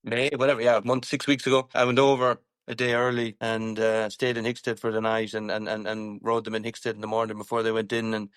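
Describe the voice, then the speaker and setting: A man's voice: lowish voice, completely flat delivery, quick pace, hardly any pauses, a bit bright, clear, resonant tone, no echo, clean studio sound. A man with an Irish accent, a show jumper chatting casually on a podcast, rambling with many fillers and restarts.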